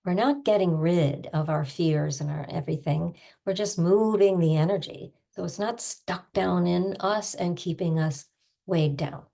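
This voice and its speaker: An older woman talks her listeners through a self-help tapping lesson. Her voice sits low with a gravelly edge, and she speaks slowly in a gentle, encouraging way. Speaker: tapping coach.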